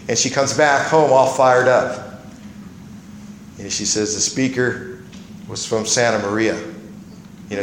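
A man's voice: on the low side, reverberant, slight background noise, low-quality recording. A middle-aged man sharing his personal testimony at a recovery meeting, rambling as a storyteller with many fillers and restarts.

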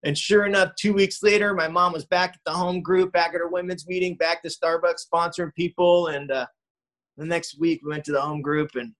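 A man's voice: on the high side, a bit bright, low-quality recording. A man in his forties speaking at a recovery meeting, telling a personal story in a rambling, conversational way with many restarts. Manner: rambling, conversational, frequent restarts and "you know".

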